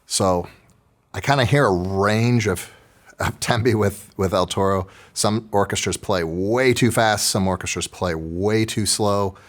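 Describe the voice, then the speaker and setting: A man explains orchestra rehearsal tricks in a relaxed, folksy way. His voice sits fairly low and he slips in joking asides as he talks. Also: measured pace. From Texas. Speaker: orchestra teacher. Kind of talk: instructional video talk.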